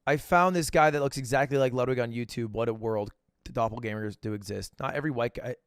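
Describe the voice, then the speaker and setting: A young man streaming from home, telling a story to his chat in a casual, animated way, jumping into high voices when he quotes people. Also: fast talker, clean tone, no echo, clean studio sound.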